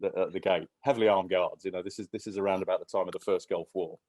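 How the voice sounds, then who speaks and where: A low, slightly mellow male voice with a steady tone moves at a quick pace, and the recording has no room sound. The speaker, a man in his fifties guesting on a podcast, rambles through casual anecdotes with plenty of restarts and fillers.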